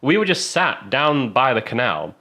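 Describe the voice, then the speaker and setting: Young man, forceful bright voice, podcast co-host, animated, sweary storytelling, casual chat. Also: medium pitch, moderate pace. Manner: animated, swears a lot, rambling anecdotes.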